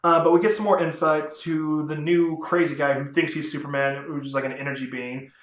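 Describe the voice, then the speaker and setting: A man's voice: fairly high pitch, level tone, a little fast, a bit bright. Chatty man in a roomy echo. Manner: rambling, chatty, self-correcting. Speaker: comic book reviewer. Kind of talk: casual vlog review.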